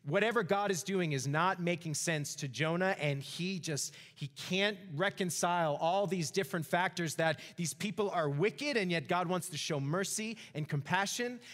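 A man preaching a sermon as pastor, animated, acting out the voices of the story. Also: high-pitched, normal speed, few pauses. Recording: reverberant hall.

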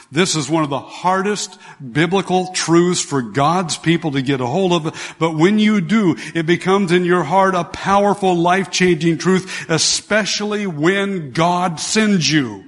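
A man preaching in a church sanctuary, his slightly high voice carrying with a long hall reverb. He repeats key phrases for emphasis and throws rhetorical questions at the congregation. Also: unhurried. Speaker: pastor. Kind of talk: sermon.

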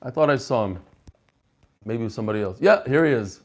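A man's voice: mid-range voice, big pitch swings, quick pace. A man teaching a religious text class in a casual, joking way, reading listener emails aloud between lessons. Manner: chatty, joking, reads messages aloud. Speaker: rabbi teaching a Talmud class.

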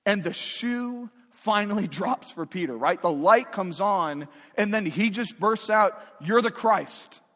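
Preaching to his congregation, a pastor speaks in a conversational yet emphatic way, posing rhetorical questions. His high-pitched voice is animated, a bit bright, and unhurried, with few pauses. The long reverb of a large hall fills the recording.

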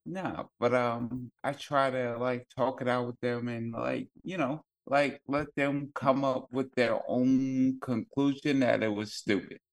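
A man's voice: mid-range voice, fairly even intonation, unhurried, few pauses. A young adult man, a podcast co-host, telling a family story in casual chat with many fillers and some swearing.

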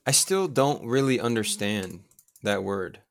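A man guesting on a podcast in casual chat, relaxed and dry, mostly giving short answers. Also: lowish voice, a little slow.

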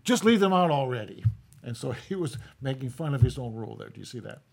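An animated man with a medium-pitched voice and some vocal fry talks quickly as he co-hosts a podcast. He trades jokes in a folksy, easygoing way, chuckling in between.

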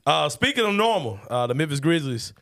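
A young man hosting a sports podcast, talking in a loose, joking, slang-heavy way with loud bursts of laughter. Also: a little high, very animated, fairly quick, creaky. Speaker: podcast host. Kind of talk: casual sports talk.

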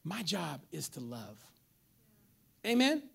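A pastor speaks slowly in a high voice that's creaky with a breathy edge, giving a lively sermon in church. He animatedly plays out his congregants and jokes with those gathered.

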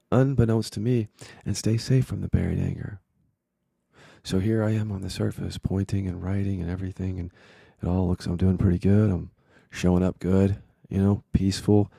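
A man's voice: sits low, gravelly, warm tone, husky, no echo, studio quality. A man, a spiritual teacher, telling his own story in a candid, reflective monologue with frank swearing.

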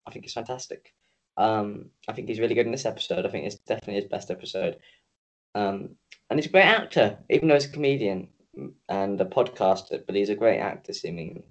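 Sweary, teasing podcast host. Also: male voice, lowish voice, fast. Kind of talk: casual chat.

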